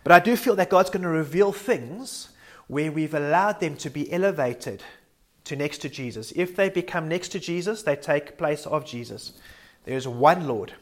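This preacher's sermon carries earnest conviction, delivered at a moderate pace with lively intonation. His voice sits a bit high for a man, and as he muses aloud he sometimes stumbles and restarts words.

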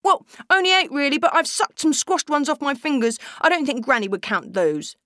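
A woman's voice: expressive, fairly quick, a bit bright, dry recording, clean studio sound. A woman voicing a scornful small boy. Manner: high scoffing boyish voice.

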